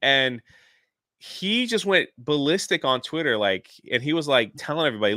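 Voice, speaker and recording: A man on a livestream telling a long story in an animated, chatty way, jumping in and out of quotes. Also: mid-range voice, moderate pace, dry recording, studio quality. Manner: animated, jumps into quoted voices. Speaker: YouTuber guest. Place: lives near a theme park in Florida.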